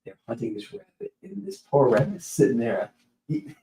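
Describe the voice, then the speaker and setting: A man talks casually to his stream audience, rambling and restarting as he tells an animated story. His voice sits in a middle register. The sound is roomy, with a clear echo around him. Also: mid-range voice, moderate pace. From California. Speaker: live stream host. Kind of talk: casual live-stream chat.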